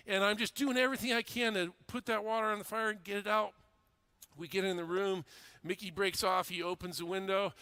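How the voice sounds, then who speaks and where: Bright, earnest male fire officer. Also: high-pitched, a little fast, dry recording. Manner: earnest, emphatic retelling with repeated phrases. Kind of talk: storytelling speech.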